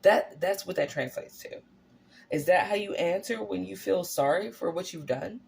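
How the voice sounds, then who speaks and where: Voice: mid-range voice, normal speed, gravelly. A vlogger talking in a blunt, profane casual monologue, full of rhetorical questions and "right?" tags. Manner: animated, often tagging lines with "right?" and "okay?". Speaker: vlogger on narcissistic abuse.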